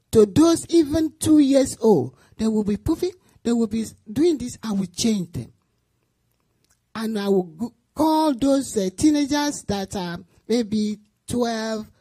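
A woman's voice: a little high, dark tone, breathy edge, no echo. A woman teaching Sunday school, telling an emotional personal testimony with repetition and acted-out quotes.

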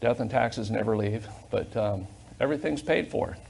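An older male pastor preaching in a church sanctuary on a corded mic, his voice gravelly with fry. He swings from loud fervent emphasis to soft, confiding asides, and a faint hum of room noise sits behind him. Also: medium pitch, moderate pace. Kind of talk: sermon.

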